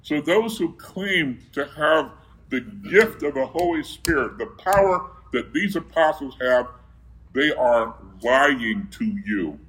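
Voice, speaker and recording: A male preacher who delivers his sermon at an unhurried pace. He quizzes the congregation with questions and then answers them himself. His scripture reading carries a firm, emphatic weight. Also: medium pitch, lively intonation, a bit bright, low-quality recording. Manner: reads scripture aloud with emphasis.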